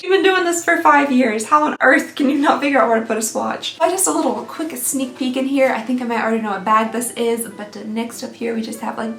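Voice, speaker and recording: A young woman in a casual unboxing vlog, chatty and quick to laugh at herself. Her voice sits a little high and sounds worn, as if she is losing it. The echoey room around her gives it a hollow ring. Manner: chatty, self-teasing, giggly. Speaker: beauty vlogger.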